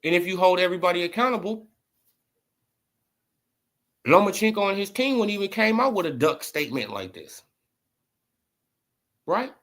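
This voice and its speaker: A man's voice: high voice, lively intonation, moderate pace, pauses often, fairly bright tone. A man rants about boxing in casual vlog commentary. He repeats himself for emphasis and leans on slang.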